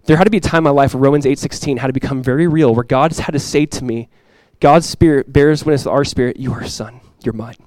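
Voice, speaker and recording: A young adult man preaching a sermon as pastor, earnest and repeating key phrases, often dropping to a soft, intimate tone. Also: medium pitch, fast, smooth, dry recording, low-quality recording.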